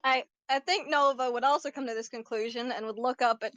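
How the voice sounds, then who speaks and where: Woman game master, high voice, dry sound, playful, teasing narration. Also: fairly even intonation, a little fast, hardly any pauses, fairly bright tone, no room sound, rough recording. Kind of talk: narrating a tabletop role-playing game.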